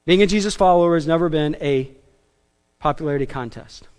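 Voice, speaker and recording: A man preaching a sermon as pastor, animated and emphatic, with casual asides and self-deprecating jokes. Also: a little high, fast, clean tone, long reverb tail. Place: church sanctuary.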